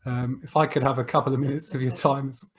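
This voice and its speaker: A middle-aged man from the UK speaks over a video call, an outgoing trustee giving his farewell. His voice sits at an ordinary pitch for a man. He sounds warm but a little halting, and he often repeats words as he goes. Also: level tone, a crowd in the background. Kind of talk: prepared farewell speech.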